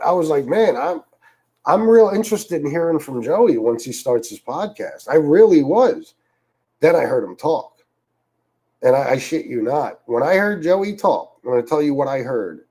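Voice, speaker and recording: A middle-aged livestream host rants in casual, profane commentary packed with repeats and asides, telling stories in an animated way. His voice is mid-range, and the recording quality is low.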